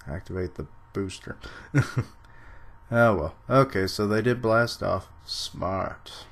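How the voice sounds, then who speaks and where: A man reading a manga chapter aloud on a live stream and commenting on it, with dry sarcastic asides and now and then clearing his throat. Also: on the low side. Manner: clears throat, mentions allergies. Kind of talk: casual live reading and reaction.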